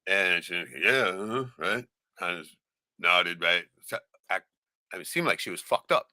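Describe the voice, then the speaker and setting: A man's voice: deep voice, moderate pace, dry recording. A man hosting a podcast who tells a story in casual, profane chat, keeps asking "right?" and acts out the voices of the people in it. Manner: acts out quoted voices, shouting them. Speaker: podcast host.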